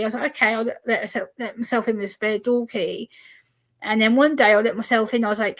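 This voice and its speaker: A woman's voice: fairly high pitch, steady tone, fairly quick. A woman, a guest on a video-call chat, telling a personal story and acting out the other people's voices. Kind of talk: casual chat.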